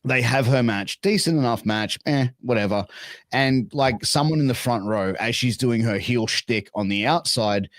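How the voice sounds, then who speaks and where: A man in his forties with an Australian accent, telling stories as a podcast guest in casual chat and acting out quotes loudly. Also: medium pitch, moderate pace, dry recording, studio quality. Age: 40s. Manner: animated storyteller, acts out quotes loudly. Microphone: video call.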